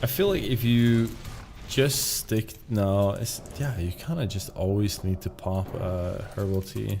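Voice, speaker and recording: This is casual live-stream commentary from a man playing a game, rambling and profane, often mocking himself with a laugh. He speaks at a measured pace in a lowish, steady, slightly mellow voice with some creak. There's a little background noise.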